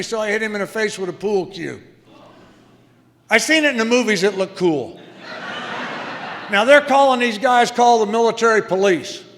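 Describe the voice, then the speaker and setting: Wry high-voiced man in his 60s. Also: a bit bright. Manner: wry, self-deprecating storyteller. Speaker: speaker at a recovery meeting. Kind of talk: personal recovery story told to a meeting. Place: meeting hall. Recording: long reverb of a meeting hall.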